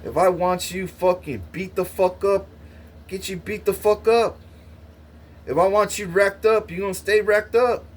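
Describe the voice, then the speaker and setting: A man with a somewhat high voice rants straight to camera. He is profane and menacing, boasting about his power and threatening his listeners. His words trip into repeated restarts as he pushes on. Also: fairly even intonation, measured pace. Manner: repeats himself with stuttered restarts. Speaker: vlogger. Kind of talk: angry boastful rant to camera.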